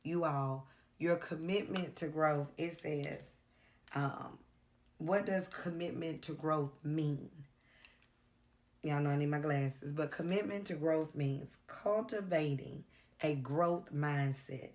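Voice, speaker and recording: Tired woman vlogger, low voice, slow and earnest, confessional to-camera talk. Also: darkish tone. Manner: earnest, confessional, with pauses and fillers. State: tired, worn out. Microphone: camera mic.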